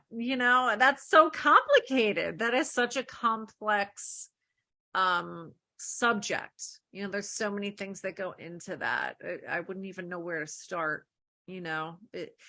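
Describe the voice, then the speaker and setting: A woman's voice: medium pitch, sharp tone. A middle-aged woman, a divorce lawyer, answering interview questions earnestly, often posing rhetorical questions.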